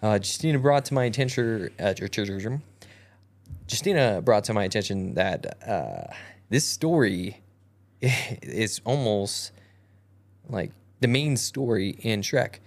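A woman's voice: rumbling low, expressive, unhurried. A woman co-hosting a podcast in casual chat, goofy and rambling, with many fillers and restarts. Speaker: podcast co-host.

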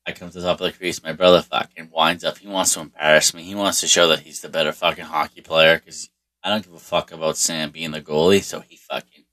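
A low-pitched man with a forceful, tense edge to his voice tells a rambling personal story. He swears nearly every sentence and leans on casual fillers as he goes.

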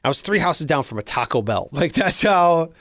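Brief: young American man, lively storyteller, swooping slightly high voice, dry close mic. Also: normal speed, no room sound. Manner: animated, shouts out quoted lines in a loud put-on voice. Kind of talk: casual storytelling chat.

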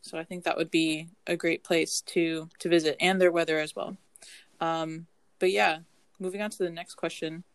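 A young adult host chatting casually and reading out the next question at an even pace. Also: medium pitch, normal speed, dry recording. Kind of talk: casual chat.

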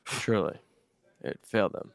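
A man's voice: measured pace, dry recording, studio quality. A man talking bluntly in a casual podcast chat, full of "like" and "dude". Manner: blunt, swears, says "like" and "dude" a lot. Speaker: podcast co-host.

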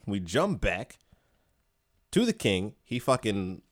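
Excitable, lively man chatting about comics. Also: lowish voice, slow pace. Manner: excited, laughing, retelling a comic book. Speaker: podcast host. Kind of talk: casual chat.

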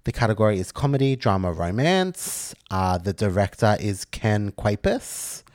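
A man co-hosts a podcast. He speaks in a very deep voice, and his talk is easygoing and agreeable, packed with casual fillers. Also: moderate pace. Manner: relaxed, agreeable, filler-heavy chat. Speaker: podcast co-host. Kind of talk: casual chat.

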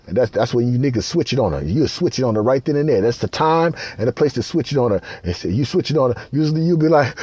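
A man's voice: mid-range voice, fast talker, few pauses, background noise. A man hosting a podcast, ranting in a crude, rambling comic monologue. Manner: crude, rambling, animated, slips into voices. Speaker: podcast host. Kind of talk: profane comic rant.

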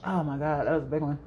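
A woman's voice: sits low, lo-fi sound, slight background noise. A young woman hosting a solo podcast, rambling casually, swearing freely and laughing often. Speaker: podcast host.

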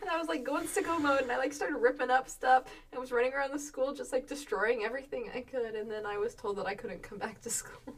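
A young woman co-hosting a podcast in casual chat, telling animated stories full of giggles and acted-out quotes. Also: high voice, fast, hardly any pauses, recorded from a distance. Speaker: podcast co-host.

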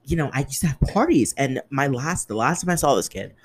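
A young man hosts his own podcast and rants alone at the mic. His pitch leaps up and down in a very lively way. He sounds exasperated and sarcastic, swears freely, and swings between loud outbursts and muttered asides. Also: brisk. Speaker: podcast host. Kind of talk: solo podcast rant.

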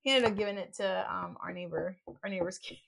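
A woman's voice: medium pitch, fast, vocal fry, a bit bright. A woman on a podcast in a casual chat, telling stories with voiced quotes and frequent giggles. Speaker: podcast guest.

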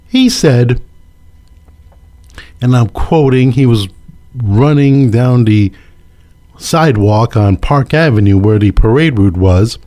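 A male local political commentator talks at an unhurried, deliberate pace. His pitch swings widely as he presses his points. He hammers phrases again and again and slips in sarcastic asides. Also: darkish tone. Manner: emphatic and repetitive, sarcastic asides. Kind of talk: casual opinion monologue.

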